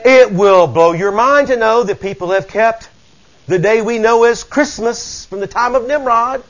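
A male preacher with a high-pitched voice, delivering a sermon with fire. He reads scripture aloud and then presses the congregation with rhetorical questions. He slips into folksy, casual asides between the verses. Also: unhurried, highs cut off.

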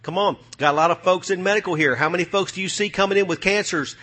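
A man's voice: high-pitched, fast talker, few pauses, sharp tone. A man preaching a sermon as pastor before a live congregation. He speaks emphatically, rallying the room with repeated calls and rhetorical questions.

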